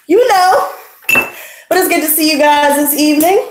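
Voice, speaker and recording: A woman's voice: high-pitched, fairly even intonation, quick pace, reverberant, background noise. A woman hosting a tarot livestream, chatting casually in a brash, profane, slangy way and out of breath.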